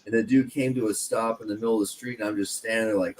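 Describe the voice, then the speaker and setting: A man's voice: on the low side, fairly even intonation, fast talker, slight background noise, rough recording. A man in casual chat, eagerly jumping in with his own prank stories. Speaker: podcast co-host. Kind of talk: casual storytelling.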